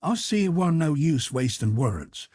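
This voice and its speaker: A man narrating an audiobook in the first person, steady storytelling in old-fashioned dialect. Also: fairly high pitch, a little slow, slightly rough, dry recording.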